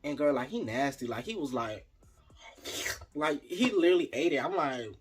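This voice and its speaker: A man vlogging a casual storytime, talking straight to his viewers in a lively, chatty way. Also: on the high side, normal speed, slight background noise. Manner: animated, chatty, addresses viewers directly.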